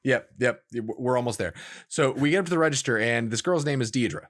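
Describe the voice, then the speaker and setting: Animated male podcast storyteller. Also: medium pitch, a little fast. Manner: animated, laughing, quotes others in a raised voice. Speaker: podcast co-host. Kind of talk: casual storytelling chat.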